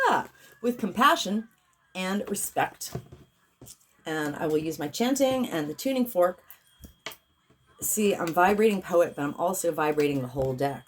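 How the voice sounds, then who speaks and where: A woman's voice: low-pitched, darkish tone, slight background noise. A woman giving a casual tarot reading, rambling and correcting herself, then breaking into intoned healing chants. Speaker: tarot reader and energy healer.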